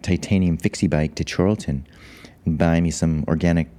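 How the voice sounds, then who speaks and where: Deep wry man. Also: steady tone, normal speed, warm tone. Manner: wry, self-mocking. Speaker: podcast host. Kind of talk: casual chat and monologue.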